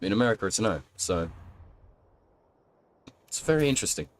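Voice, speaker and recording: A young Australian man with an Australian accent, sick and sounding rough, chatting casually to his stream while he plays and often laughing. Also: lowish voice, sing-song, a little fast, slight background noise, low-quality recording. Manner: rambling, laughs often, talks to chat while playing. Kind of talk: casual gaming stream chat.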